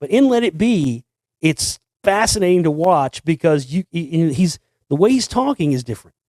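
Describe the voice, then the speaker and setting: Rambling man talking, slightly high. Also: big pitch swings, moderate pace, darkish tone, no echo. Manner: rambling, many restarts, sings snippets. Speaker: host. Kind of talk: casual monologue.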